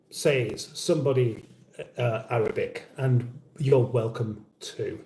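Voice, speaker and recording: A man's voice: medium pitch, slow pace, long pauses, mellow, roomy sound, rough recording. A middle-aged British man hosting a casual livestream, reading out viewer comments in a dry, wry, mock-formal way and sounding a little weary. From United Kingdom. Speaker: livestream host.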